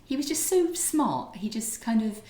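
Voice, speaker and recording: A woman's voice: on the high side, very animated, moderate pace. A middle-aged woman talks in an easy, rambling storytelling way. She often doubles back and restarts. Her voice carries the echo of a roomy kitchen. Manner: chatty, warm storytelling with restarts. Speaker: podcast co-host and author. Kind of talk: casual chat.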